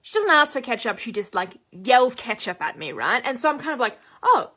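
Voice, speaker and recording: A young Australian woman with a bright, clear, forward voice tells a lively anecdote to camera. She sits a touch above the usual pitch and slips into quick impressions of the people she is describing. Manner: lively anecdote, acts out quoted lines. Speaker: vlogger. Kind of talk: casual storytelling.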